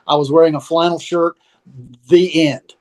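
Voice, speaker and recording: A man's voice: fairly high pitch, level tone, moderate pace, rough recording. A man with a Southern US accent, chatting casually as a podcast co-host, rambling and self-deprecating with many restarts. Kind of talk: casual phone chat.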